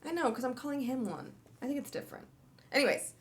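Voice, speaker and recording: A woman co-hosting a casual book club stream, animated and teasing, reading out lines and laughing. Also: high voice, fast, very noisy. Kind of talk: casual chat.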